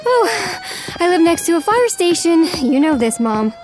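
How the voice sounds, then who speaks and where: A woman's voice: very high-pitched, very animated, unhurried, full character voice. An actress playing an earnest, dreamy young woman in a comedy audio drama. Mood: flustered. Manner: earnest, dreamy, easily rattled. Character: young woman, sweet and anxious. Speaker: Sarah, lead character. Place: city apartment, Brooklyn.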